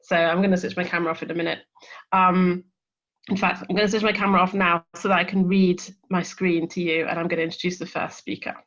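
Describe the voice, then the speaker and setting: A woman's voice: on the low side, little pitch movement, fast, a bit bright. A woman chairing an academic seminar over a video call, chatty and self-deprecating as she introduces the speakers. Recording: dull lo-fi video call audio.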